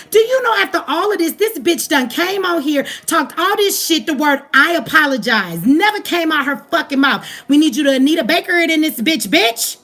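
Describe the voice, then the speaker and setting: A woman's voice: sits high, lively intonation, normal speed, hardly any pauses, fairly bright tone. A woman with an African American English accent giving a profane, heated commentary rant straight to her viewers. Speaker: commentary vlogger. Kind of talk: ranting commentary.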